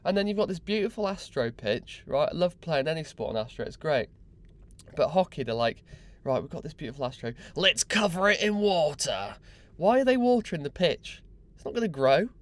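A man's voice: fairly high pitch, darkish tone. A young man hosting a podcast, mocking and exasperated in a sweary comic rant. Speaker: podcast host.

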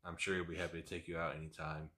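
A man's voice: extremely low pitch, flat delivery, rapid-fire, background noise. A man hosting a podcast, laid-back and casual, wrapping up and thanking his guest. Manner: laid-back, chimes in with short replies and laughs. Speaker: podcast host. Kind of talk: casual chat.

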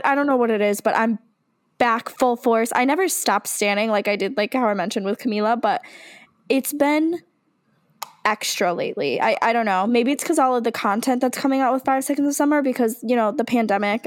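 A young woman co-hosting a podcast in casual chat, excitable and gushing, with casual swearing. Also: a little high, a little fast. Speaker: podcast co-host.

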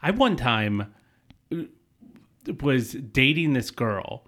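A man with a bright, forceful voice tells a rambling story in a casual podcast chat. He laughs often and swears freely. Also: mid-range voice, very slow. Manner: laughing often, profane and animated. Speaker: podcast co-host.

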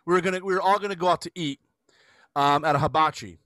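A man's voice: a little high, fast talker, fairly bright tone, no room sound. A man co-hosting a podcast, telling a family story in casual chat and laughing often.

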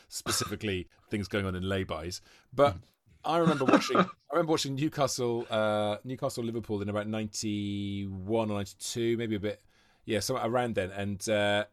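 A man in his forties from Wales, a podcast guest telling long rambling stories with quick asides in casual chat. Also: lowish voice, dry recording, studio quality. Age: 40s.

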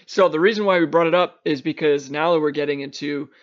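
Profane Long Island storyteller, lo-fi. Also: male voice, fairly high pitch, fast talker. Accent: Long Island New York. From Long Island, New York. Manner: animated, profane, acts out both sides of a story. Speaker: podcast co-host. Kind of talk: casual storytelling chat. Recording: muffled lo-fi recording.

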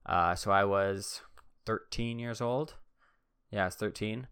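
A man's voice: lowish voice, a little slow, a bit bright, smooth, no echo, clean studio sound. A man in his thirties telling stories in a casual, rambling, laid-back way, with many fillers. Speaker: vlogger. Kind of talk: casual storytelling.

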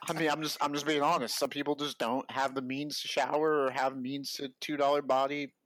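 A man co-hosting a casual podcast, talking in an animated way, laughing often and calling people "bro" and "dude.". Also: medium pitch, brisk, no echo. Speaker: podcast co-host. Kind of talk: casual chat.

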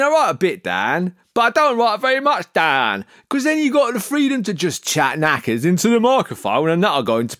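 Male host, rambling improv comedy, wildly sing-song delivery, fairly high voice. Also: a bit bright, no echo, clean studio sound. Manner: silly, rambling, jumps between put-on voices. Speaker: podcast agency host. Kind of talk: improvised comic monologue.

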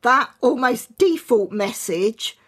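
A woman host chats casually and agreeably, her voice a little higher than most. It has a husky, slightly breathy texture. She answers her guest warmly with quick affirmations. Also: animated. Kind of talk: casual chat.

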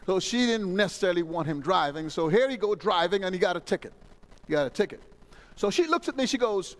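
A middle-aged man preaching a sermon, acting out little dialogues and swinging from shouts to hushed asides. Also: sits high, animated, a little fast, poor audio. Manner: dramatic, voices others in dialogue, swings from loud to hushed. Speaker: pastor.

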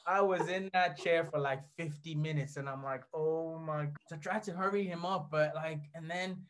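A man telling a story as a guest in a casual chat, rambling and animated, often laughing as he talks. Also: a little high, normal speed.

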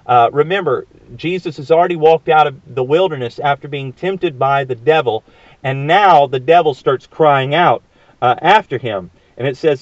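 Earnest preacher, slightly high voice. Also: male voice, moderate pace, dry recording, highs cut off. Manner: earnest preaching with frequent fillers and emphatic questions. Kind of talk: sermon.

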